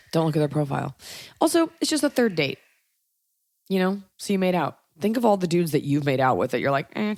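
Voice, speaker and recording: A woman's voice: sits low, vocal fry. A woman hosting a podcast, giving blunt, emphatic advice and acting out quoted lines. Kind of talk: casual advice chat.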